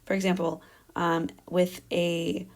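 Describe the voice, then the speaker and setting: A woman's voice: fairly low pitch, little pitch movement, takes it slowly, a little mellow. A young adult woman giving an academic research presentation, explaining carefully with frequent fillers. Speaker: doctoral candidate presenting research.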